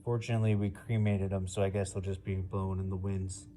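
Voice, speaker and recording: A young man doing a halting, deadpan stand-up set over a video call, full of fillers. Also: sits low, a little hiss or hum. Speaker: stand-up comedian.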